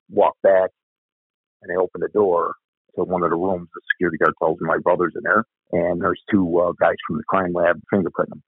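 Gravelly low-voiced older man. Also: no echo. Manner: blunt, profane. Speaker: retired police officer. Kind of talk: storytelling interview. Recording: tinny phone-like line.

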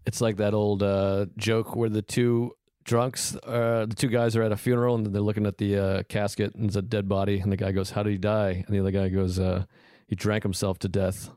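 A man's voice: lowish voice, little pitch movement, brisk, hardly any pauses, dark tone, clear, resonant tone, no room sound, clean studio sound. A man in his thirties, a comedian in casual chat, talking candidly and reflectively and swearing freely. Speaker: comedian, podcast co-host.

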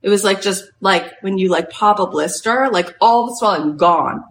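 A woman spiritual coach giving an inspirational storytelling talk, animated and full of "like" fillers. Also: medium pitch, normal speed, a little hiss or hum. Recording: roomy echo.

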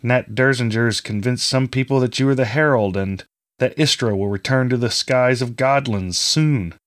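A man voicing a middle-aged farmer father who speaks gently and kindly to his daughter. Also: mid-range voice, normal speed, lightly acted. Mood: gentle, fatherly.

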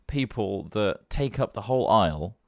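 A man's voice: on the low side, expressive, normal speed, a little mellow. A man from England co-hosting a comedy podcast from home, laid-back and sweary, chuckling as he talks in casual chat. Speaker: podcast co-host. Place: home room. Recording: dry home setup.

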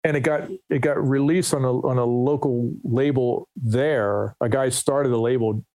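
A man's voice: medium pitch, fairly even intonation, darkish tone, no room sound. Man in his 60s, musician guest, rambling anecdotes, dry close sound. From New Jersey, US. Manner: rambling, self-deprecating, with quick asides. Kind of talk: casual storytelling interview.

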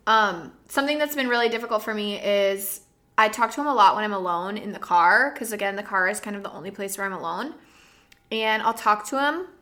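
A young woman hosting a podcast in casual chat, animated, shifting between soft talk and loud bursts, laughing often. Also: medium pitch, a little fast. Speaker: podcast host.

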